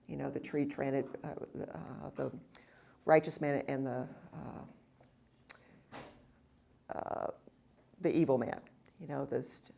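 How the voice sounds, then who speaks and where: Low, gravelly woman teaching scripture. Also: warm tone. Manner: reads scripture aloud, then explains with many fillers and restarts. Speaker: Bible study teacher. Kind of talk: teaching a women's retreat session.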